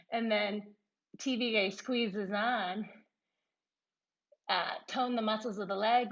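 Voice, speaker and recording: A woman teaching a yoga class, cueing poses in short calm phrases, a little out of breath and laughing at herself now and then. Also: a little high, vocal fry, muffled recording. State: slightly out of breath. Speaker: yoga instructor. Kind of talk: guided yoga class instruction.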